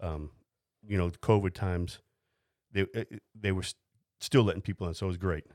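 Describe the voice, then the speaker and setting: A man's voice: sits low, fairly quick, no echo, studio quality. A man chatting casually, telling a story with frequent laughs and bits of acted-out dialogue. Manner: animated storyteller, laughs often, acts out voices. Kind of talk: casual chat.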